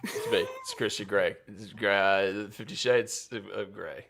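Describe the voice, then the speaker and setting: A man putting on a lowered, mock-sultry voice as a romance hero, slowly repeating a name. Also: gravelly, fairly bright tone, slightly rough, full character voice. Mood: mock-seductive. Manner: low, drawn-out, repeating a name.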